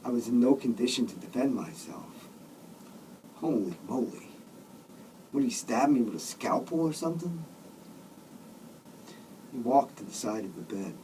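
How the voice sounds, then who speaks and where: A man's voice: mid-range voice, expressive, a little slow, pauses often, warm tone, distant mic, slight background noise, rough recording. A man, the author, reading his own comic novel aloud in a sardonic, grumbling manner with mock outbursts.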